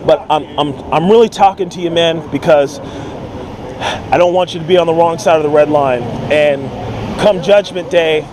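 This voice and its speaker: A man's voice: on the high side, moderate pace, noisy background. A man preaching on a city street, earnest and pleading, often repeating his words. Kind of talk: open-air street preaching.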